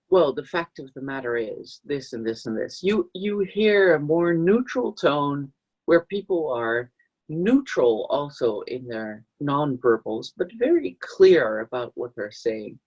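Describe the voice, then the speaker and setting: Speaking to camera in a husky voice, a business coach and trainer explains her ideas with lively, expressive delivery. Along the way she slips into brief acted-out example voices, and the audio is muffled and low-fidelity.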